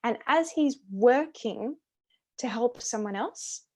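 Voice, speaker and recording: A woman's voice: on the high side, lively intonation, takes it slowly, warm tone. Australian woman, earnest enthusiastic co-host, casual faith talk. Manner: earnest, enthusiastic, repeats words. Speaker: podcast co-host.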